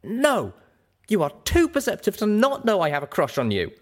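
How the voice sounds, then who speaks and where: Young mare unicorn, cold and biting, voiced by a man; high and loud. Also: wildly swooping pitch, normal speed. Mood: coldly furious. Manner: sharp, clipped outbursts. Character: young female unicorn, fierce and cold when angered.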